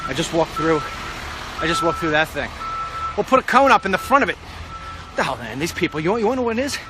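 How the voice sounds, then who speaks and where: A middle-aged political vlogger walks along a street outdoors, filming on a handheld phone and rambling confidently in his commentary while talking to the president directly. His voice is high-pitched and sing-song at a quick pace, with background noise behind him.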